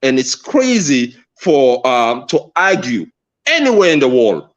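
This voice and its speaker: A man from Sierra Leone with a Sierra Leonean accent, speaking earnestly and emphatically as a caller in a live discussion, repeating phrases and pausing on fillers. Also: mid-range voice, very animated, muffled recording. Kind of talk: impassioned call-in discussion.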